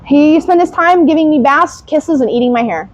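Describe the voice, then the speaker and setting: Higher-pitched young woman, chatty storyteller. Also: moderate pace, low-quality recording. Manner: chatty storyteller, animated quoting. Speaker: guest, wrestler. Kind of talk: casual chat.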